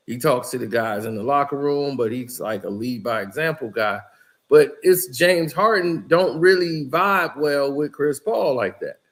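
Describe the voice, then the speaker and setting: A man's voice: mid-range voice, lively intonation, measured pace, a bit bright. A man giving casual, rambling basketball commentary, telling the story in a loose way with lots of "you know" and "like".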